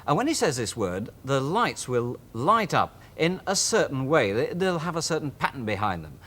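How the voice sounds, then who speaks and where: A man's voice: medium pitch, sing-song, moderate pace, a bit bright. A man with a Yorkshire accent presenting a children's TV show, chatty and explaining things step by step.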